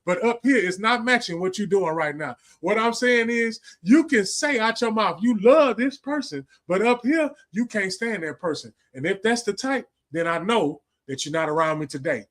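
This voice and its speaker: A man's voice: high-pitched, animated, normal speed, hardly any pauses, a bit bright. A man, hosting a livestream and giving a casual, preachy monologue full of slang, profanity and repetition. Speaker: livestream host.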